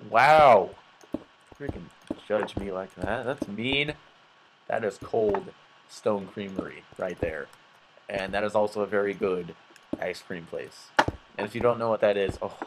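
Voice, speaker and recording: A man's voice: lowish voice, noisy background. A young man giving goofy, rambling let's play commentary and laughing at himself. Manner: rambling, goofy, self-mocking, lots of laughs. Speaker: gaming channel host.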